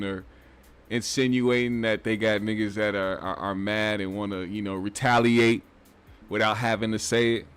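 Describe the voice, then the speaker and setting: A man's voice: fairly low pitch, steady tone, normal speed, fairly bright tone, clear, resonant tone, faint music behind. Rambling man hosting a commentary show. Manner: rambling, profane, conversational. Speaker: host.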